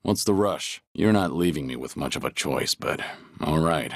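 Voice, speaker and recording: A stoic, gruff middle-aged ex-yakuza in a video game. His voice sits very low yet swings widely in pitch when he pushes a line. The recording is dry and close, with no room around it. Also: lively intonation, normal speed, no echo, heavily acted. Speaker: game character voice clips.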